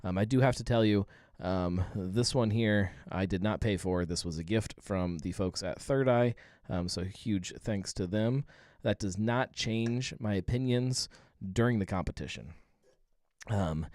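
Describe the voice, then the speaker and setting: A man's voice: fairly low pitch, a little mellow, dry recording, studio quality. A man hosting a casual live beer-tasting stream, rambling with many fillers and reading viewer comments aloud. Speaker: livestream host.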